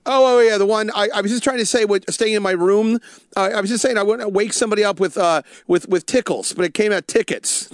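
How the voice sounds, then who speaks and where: A man hosting comedy radio banter, an excitable and quick storyteller. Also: sits high, no echo, clean studio sound.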